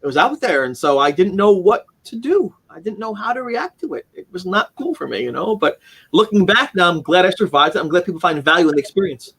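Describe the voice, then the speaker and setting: A man in his forties with a high, husky, slightly bright voice, lively intonation and some vocal fry talks fairly quickly as the guest on a casual live-stream interview. He's the author of a haunting memoir, telling his story earnestly and ramblingly with many restarts. He joins over a video call from an indoor room at home filled with keepsakes.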